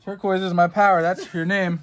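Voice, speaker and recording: A man's voice: sits high, flat delivery, fairly quick, a bit bright. A young man hosting a casual card unboxing stream, rambling and joking with his chat, with plenty of swearing. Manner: rambling, jokey and profane, talking to chat. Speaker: streamer unboxing trading cards.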